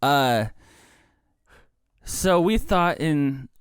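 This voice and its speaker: A man's voice: on the high side, very slow, smooth, no room sound, studio quality. A man co-hosting a comedy podcast, musing in a rambling, casual way and laughing often. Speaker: podcast co-host.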